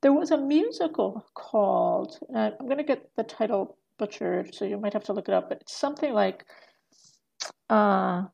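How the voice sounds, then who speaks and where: A woman's voice: mid-range voice, expressive, normal speed, creaky, a little mellow, lo-fi sound. A middle-aged woman talking as a podcast guest, rambling through many fillers and restarts and laughing often. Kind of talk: casual podcast conversation.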